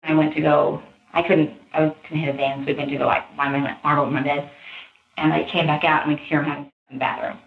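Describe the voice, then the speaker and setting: A woman in a police interview, animated, her speech pressured and rushed. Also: deep voice. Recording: tinny, echoey interview room audio.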